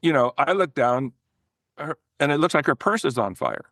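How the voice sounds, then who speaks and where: An older man, a former record promoter, telling animated, profane stories as a podcast guest, often restarting his sentences. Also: fairly high pitch, moderate pace, no echo, clean studio sound. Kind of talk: casual storytelling in a podcast interview.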